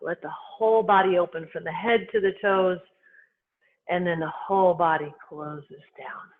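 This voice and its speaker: A qigong instructor guiding movement and breathing, giving calm, unhurried cues in short phrases. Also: mid-range voice, slight background noise. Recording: tinny phone-like sound.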